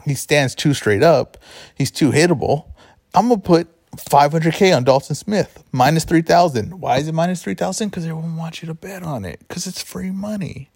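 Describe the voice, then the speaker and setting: A man's voice: on the high side, normal speed, darkish tone, husky, dry recording, clean studio sound. A man hosting a casual sports betting talk show, rambling and correcting himself as he goes. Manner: chatty, rambling, self-correcting. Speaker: podcast host.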